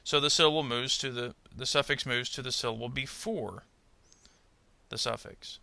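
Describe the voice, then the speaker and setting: A man narrating a pronunciation lesson, speaking carefully and modelling example words slowly. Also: medium pitch, vocal fry, bright, forceful tone, no echo. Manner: slow, careful, modelling word stress. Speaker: ESL pronunciation teacher. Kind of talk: scripted instructional narration.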